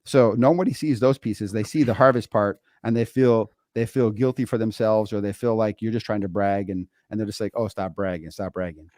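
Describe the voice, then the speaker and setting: A man in his forties with a lowish voice co-hosts a motivational podcast, talking in a casual, emphatic way and often repeating words as he goes. The sound is dry and close, with no room around it. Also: fairly even intonation, brisk, few pauses, a little mellow, no echo. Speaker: podcast co-host. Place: home studio. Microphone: remote streaming setup.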